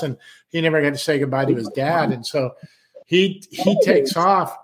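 A man's voice: mid-range voice, moderate pace. A middle-aged man from San Diego telling a long personal story in casual chat, acting out other people's lines and swearing casually. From San Diego, California.

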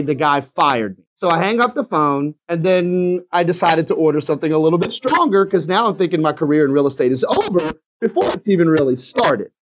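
A realtor with a South Louisiana accent spins a story in a casual interview. His voice sits high for a man and he acts out each phone call as he goes. A faint hiss runs under the recording. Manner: animated storyteller acting out phone calls. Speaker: realtor guest telling a story.

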